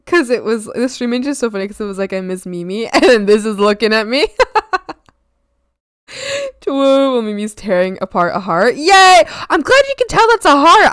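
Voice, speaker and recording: A woman art streamer chatting casually with her viewers while she draws, excitable and giggly, often squealing and pleading with her chat. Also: fairly high pitch. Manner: talks to chat and greets viewers by name.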